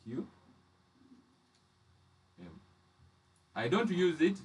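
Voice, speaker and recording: Man teaching charts, slightly high voice. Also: animated, unhurried, a bit bright, recorded from a distance. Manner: explains step by step, repeats phrases. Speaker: trading teacher. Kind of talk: live chart lesson.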